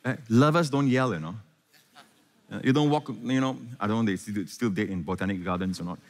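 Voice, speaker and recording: A man preaching a sermon as pastor, animated, often asking the congregation questions and calling for amens. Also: fairly low pitch, a little fast, big-room sound.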